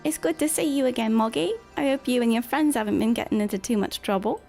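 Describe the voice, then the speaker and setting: A woman putting on a gravelly brooding young knight. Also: on the high side, quick pace, mellow, faint music behind, voice pushed up. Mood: wry. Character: brooding young male dark knight mentor. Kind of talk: reading game dialogue aloud.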